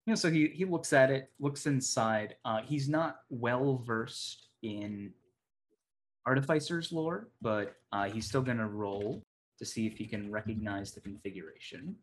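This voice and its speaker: A medium-pitched man acts as game master in a tabletop session, narrating in a loose, halting manner with frequent fillers.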